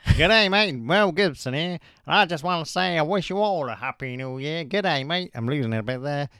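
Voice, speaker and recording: A man's voice: a little high, normal speed, fairly bright tone, clean tone, no echo, studio quality. A man putting on a brash, cheeky Australian film star voice with an Australian accent. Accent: put-on Australian.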